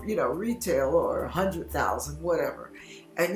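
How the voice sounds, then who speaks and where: A woman's voice: lowish voice, very animated, moderate pace. Woman telling a dramatic spiritual story. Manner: storytelling, dramatic, acts out panicked inner voices. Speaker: Christian vlogger. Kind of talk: spoken devotional message. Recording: echoey room with soft background music.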